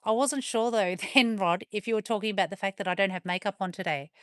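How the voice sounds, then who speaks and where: An Australian woman chats on a live stream from her farm, her voice dry and close with little room sound. She moves between easygoing talk with her viewers and quick calls to her dogs, in a middle-pitched, everyday voice. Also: no room sound. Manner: chatty, talks to her dogs and viewers in turn. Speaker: livestreamer on a farm. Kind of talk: casual live-stream chat.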